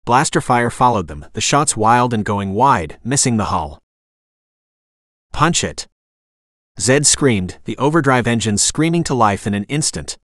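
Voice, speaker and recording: A man reading a science-fiction story aloud as narrator, with a steady storytelling delivery. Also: medium pitch, normal speed, few pauses, no echo, clean studio sound. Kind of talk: scripted audiobook narration.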